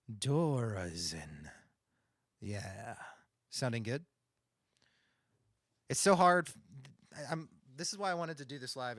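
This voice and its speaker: Male streamer, nasal, mid pitch, rambling and casual, very dry close studio mic. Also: a bit bright, no echo. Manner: rambling, thinking aloud with restarts. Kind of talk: casual livestream talk about audio setup. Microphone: condenser studio microphone.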